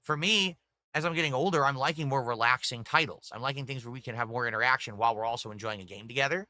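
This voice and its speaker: Speaking quickly in a mid-range voice with a sharp tone, a middle-aged livestream host chats casually with no room sound around him. He rambles, responds to his chat, and reads viewers' messages and tips aloud.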